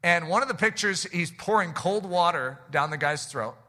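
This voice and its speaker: Bright animated preacher man. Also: normal speed. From United States. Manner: animated preaching, drops low and quiet for acted quotes. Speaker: pastor. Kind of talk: sermon.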